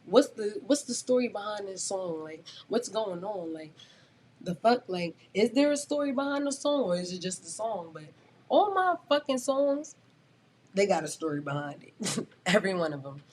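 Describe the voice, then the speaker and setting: A woman's voice: medium pitch, lively intonation, normal speed, a little mellow, a little hiss or hum. Blunt, emphatic young woman. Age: 20s. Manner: blunt, emphatic, swears freely. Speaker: guest rapper. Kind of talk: casual podcast chat.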